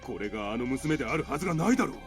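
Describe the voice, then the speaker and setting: Male actor for a tense, stern game father; very fast, lively delivery. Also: medium pitch, natural voice. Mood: shrill denial. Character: stern middle-aged father, shrill and tense. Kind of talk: Japanese visual novel voice acting. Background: game background music.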